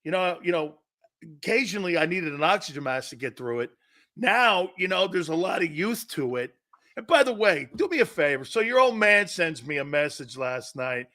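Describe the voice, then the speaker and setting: A middle-aged man hosts a sports talk show with a high, bright and forceful voice. He jokes loudly and stammers over repeated words when excited, with a casual, rowdy radio banter. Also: moderate pace. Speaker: show host.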